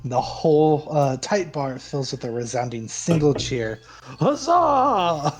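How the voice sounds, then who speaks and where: A man's voice: mid-range voice, a little slow, dark tone. A man narrates a tabletop game as its game master in a mid-range voice. He talks loosely, with fillers and laughs. Faint music plays behind him.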